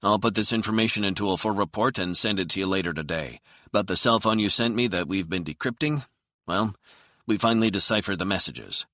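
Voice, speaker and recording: A man voicing a male computer forensics expert who speaks briskly and emphatically. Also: on the low side, a bit bright, dry recording, studio quality, pitched above the performer's own voice, natural voice. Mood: urgent.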